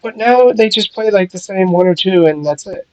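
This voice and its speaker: A man co-hosting a gaming video, chatting casually and telling stories with lively acted-out quotes. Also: high-pitched, normal speed, dry recording, poor audio. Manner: lively storyteller, acts out quotes. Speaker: gaming channel co-host. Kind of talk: casual chat while playing a game.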